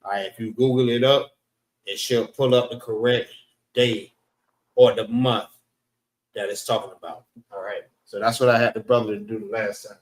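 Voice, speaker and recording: A man teaching a class in a slow, repeating way, often saying "all right" and sounding out words. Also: fairly low pitch, steady tone. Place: class room in a library. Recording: roomy echo, voice from far off the mic.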